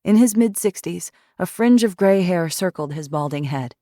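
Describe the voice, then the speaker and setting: A woman narrates an audiobook, telling the story in a measured, steady manner. Her pitch is fairly low, and the recording is dry with clean studio sound.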